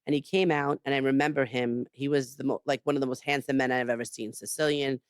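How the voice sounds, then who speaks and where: Her bass voice is clear and resonant, and she speaks quickly: a chef guesting on a podcast, retelling her story with lively emphasis and lots of "like" and "you know." The sound is studio quality with no room tone.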